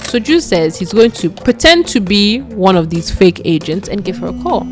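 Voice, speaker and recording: A woman tells a story in a relaxed, conversational way, like chatting with a friend. She drops her voice low when she quotes the characters. Her voice sits at a middle pitch, and faint music plays underneath. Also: moderate pace, hardly any pauses. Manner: chatty, acts out quoted lines in a lower voice. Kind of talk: casual story narration.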